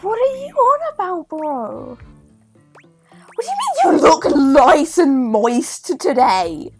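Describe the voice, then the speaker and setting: A woman's voice: sits high, sing-song, slow pace, no room sound, soft background music. A woman streamer giving joking, teasing and crude commentary while playing a game. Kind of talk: casual gameplay commentary.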